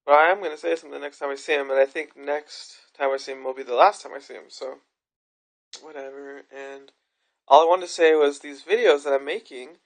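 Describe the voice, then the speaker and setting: A woman's voice: low voice, fairly even intonation, brisk. A woman vlogging to camera, telling a story in a frank, rambling way with plenty of swearing. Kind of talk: candid vlog monologue.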